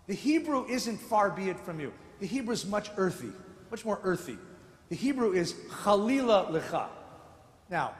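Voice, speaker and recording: A man giving a sermon-style lecture as a rabbi, telling stories and rising from quiet asides to shouted rebukes. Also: a little high. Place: synagogue sanctuary. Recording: echoey hall with long reverb.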